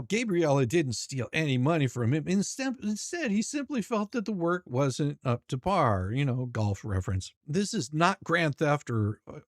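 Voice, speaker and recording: A man's voice: a little high, no room sound, studio quality. A man hosting a morning commentary show, rambling with many restarts and crude mocking asides. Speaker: commentary channel host.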